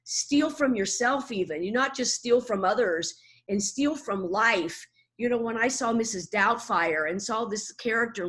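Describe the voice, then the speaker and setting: A woman in her sixties, a voice actor chatting as a guest in an animated, laughing way. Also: medium pitch. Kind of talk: casual interview chat.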